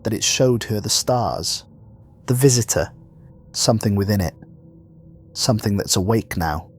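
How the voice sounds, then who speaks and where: A man voicing a frightened male medical officer in a horror story, speaking in a fearful, measured way. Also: fairly low pitch, slight background noise, lightly acted.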